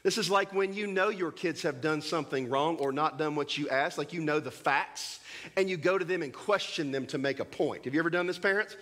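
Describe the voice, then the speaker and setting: A man preaching a sermon as pastor, animated and joking, acting out little scenes for his congregation in a church. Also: fairly high pitch, brisk. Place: church sanctuary.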